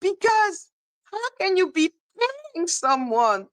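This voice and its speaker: Animated woman ranting on a livestream. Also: extremely high pitch, slow pace, no echo, rough recording. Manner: animated, repetitive, ranting with laughter. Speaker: livestream host. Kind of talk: casual livestream chat.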